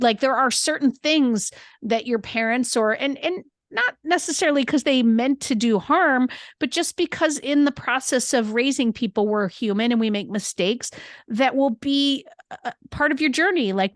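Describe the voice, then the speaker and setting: A middle-aged woman guesting on a podcast, telling a personal story with lively reenacted dialogue. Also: a little high, dry recording, studio quality. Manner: animated, quotes herself and her son in dialogue. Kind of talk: candid conversational storytelling.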